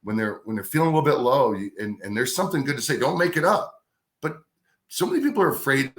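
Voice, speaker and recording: A middle-aged man, a radio host, telling a career story in a casual, animated way. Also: medium pitch, fast. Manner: animated anecdote telling with acted-out quotes. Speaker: radio host, podcast guest.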